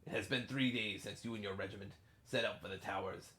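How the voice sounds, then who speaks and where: A hammy male pirate, as a man puts him on, reading out a captain's letter in an old British pirate accent. His voice sits low and a little dark, the delivery mock-solemn and growling. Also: fairly even intonation, fast, roomy sound. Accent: put-on old British pirate.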